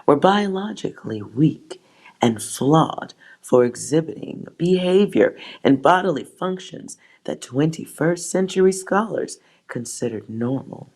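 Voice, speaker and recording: A woman's voice: low-pitched, lively intonation, measured pace, darkish tone, husky. A woman hosting a tarot channel, reading a history text aloud and breaking off with sighs and wry asides. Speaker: tarot reader host.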